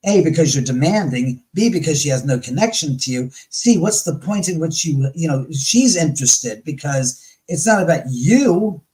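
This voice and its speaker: Rambling, animated man telling stories. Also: on the high side, normal speed, hardly any pauses, rough recording. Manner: rambling, animated, self-correcting. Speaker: guest. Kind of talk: casual storytelling interview.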